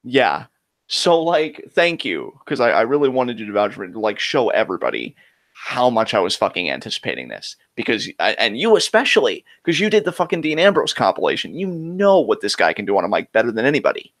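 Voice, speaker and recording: A man's voice: medium pitch, huge pitch swings, a little fast, fairly bright tone. A man co-hosting a wrestling talk show, ranting with frustration and heavy swearing. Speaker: wrestling podcast co-host. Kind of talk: heated casual chat.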